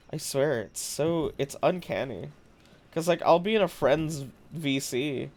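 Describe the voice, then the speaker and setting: A man's voice: a little high, darkish tone. A man streaming a game live, chatting casually with viewers, musing aloud and laughing often. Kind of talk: casual live-stream chat while gaming.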